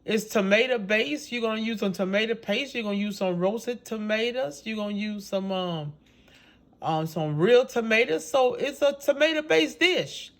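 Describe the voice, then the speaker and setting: A middle-aged man from Louisiana with a Cajun accent, chatting casually as he hosts a home cooking video, folksy and quick to laugh. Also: sits high. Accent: Louisiana Cajun English. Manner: chatty and animated, laughs often, folksy dialect. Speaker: cooking show host.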